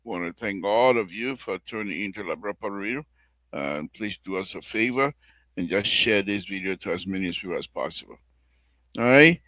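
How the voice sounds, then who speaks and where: A man's voice: sits low, animated, a little fast, pushed and bright, no room sound. A man with a Liberian accent, hosting an online radio talk show, who rambles, repeats his phrases, prays aloud and rants about politics. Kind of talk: casual talk show monologue with prayer.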